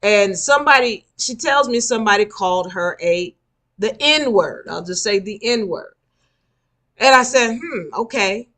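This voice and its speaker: A woman's voice: medium pitch, expressive, a little slow, fairly bright tone. A woman giving a live spiritual lecture, emphatic and repeating her key points for the listeners. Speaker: spiritual teacher.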